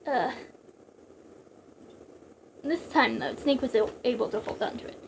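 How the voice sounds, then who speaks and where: High-voiced young woman reading with jokey asides. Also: measured pace, vocal fry, slight background noise, rough recording. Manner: giggly, joking digressions. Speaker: reader. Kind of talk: casual story reading with asides.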